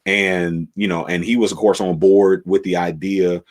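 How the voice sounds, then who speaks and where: Deep-voiced pastor, laid-back storytelling. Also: male voice, normal speed. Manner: relaxed, many fillers and restarts. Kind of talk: reflective conversational storytelling.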